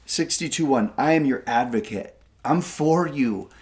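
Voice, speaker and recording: A man in his forties co-hosting a scripture podcast, talking casually and getting animated as he paraphrases verses. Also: measured pace. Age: 40s. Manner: animated, jumps up in pitch when voicing God's kindness. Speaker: co-host of a scripture study podcast.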